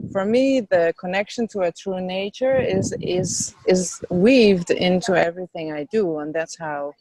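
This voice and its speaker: A woman's voice: fairly low pitch, a little mellow, no echo, low-quality recording. A woman spiritual teacher talking enthusiastically about her tours and workshops in a casual interview, with lots of fillers, outdoors in the wind. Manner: enthusiastic, chatty, with many fillers. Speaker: spiritual teacher and tour leader, guest.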